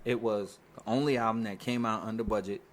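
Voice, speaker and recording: A man's voice: fairly low pitch, a little fast. A man, a record producer, telling studio stories in a casual interview, swearing freely and acting out the people in them. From New York. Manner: animated storyteller, acts out quoted voices, swears freely.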